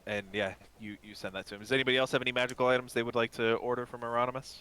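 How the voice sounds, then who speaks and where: A man narrating as game master in a tabletop game, rambling and pausing often with fillers. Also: mid-range voice, level tone, pushed and bright, clear, resonant tone.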